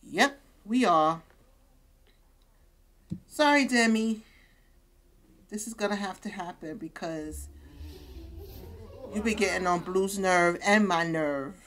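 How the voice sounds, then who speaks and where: A woman's voice: medium pitch, a bit bright. A young woman hosting a let's-play video, chatting casually in slang and talking to her game characters. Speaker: gaming channel host.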